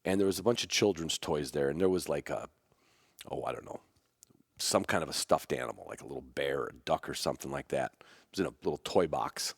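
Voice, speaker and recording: A man hosting a podcast, telling a personal story about his dog in a rambling, halting way, with many restarts. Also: extremely low pitch, creaky, dry recording, studio quality. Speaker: podcast host; hunting dog trainer.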